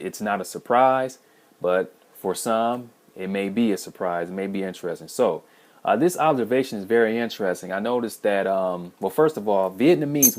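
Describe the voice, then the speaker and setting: Man, lowish voice, casual monologue, rambling, lots of restarts and fillers. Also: a little mellow. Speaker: language-learning video host.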